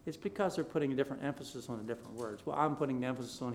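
A man preaching a sermon, reading scripture aloud and swinging between soft, low asides and loud, emphatic repeated declarations. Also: fast talker, creaky, hardly any pauses. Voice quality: King James scripture read aloud in a rising, forceful cadence.

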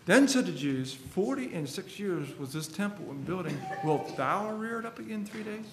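A man with a high, emphatic voice delivers a sermon and reads scripture passages aloud. He sounds earnest throughout. The recording rings with the echo of a roomy space and carries a faint background hum. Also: expressive, moderate pace. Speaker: preacher.

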